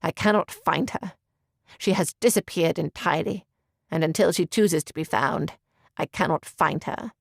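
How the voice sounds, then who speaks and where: A woman lowers her voice for a grave young gentleman from a period romance audiobook, slow and heavy with feeling. The tone is quieter and more gravelly than her narration. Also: little pitch movement, dry recording, clean studio sound. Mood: despondent. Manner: low, slow and heavy-hearted.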